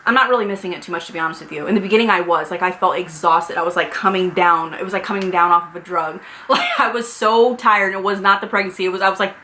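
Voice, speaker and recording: Chatty, bright-voiced woman vlogging. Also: lowish voice, steady tone, fast talker, hardly any pauses, slight background noise, low-quality recording. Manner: chatty, filler-heavy, anxious and candid. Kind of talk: casual pregnancy update vlog.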